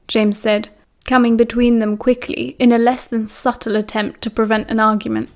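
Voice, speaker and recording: A woman with a British accent narrates an audiobook with a calm, steady flow. Her voice sits a little higher than most women's. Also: normal speed. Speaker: audiobook reader.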